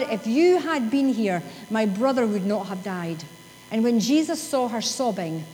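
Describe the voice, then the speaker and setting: A high-pitched woman delivers a sermon in a church hall. She preaches with rising emphasis and then drops quietly to read scripture slowly. Her voice carries a long reverb over a faint background hum. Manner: emphatic, with sudden drops to soft slow reading.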